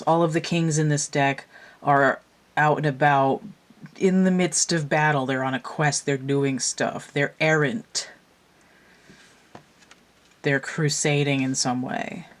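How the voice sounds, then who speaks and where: Rambling woman giving a tarot reading. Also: sits low. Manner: rambling, thinks aloud with asides. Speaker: tarot reader. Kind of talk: casual tarot reading commentary.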